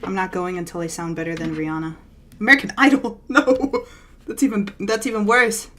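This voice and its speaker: A woman streamer chatting casually with her live chat, bubbly and self-deprecating, talking in quick bursts with giggles. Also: medium pitch, fairly even intonation, fairly bright tone.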